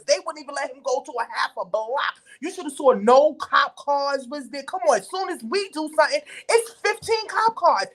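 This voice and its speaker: A woman co-hosting a casual talk show, talking in an emphatic, animated way. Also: sits high. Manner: emphatic, animated, mocking impressions. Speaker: podcast co-host. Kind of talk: casual discussion.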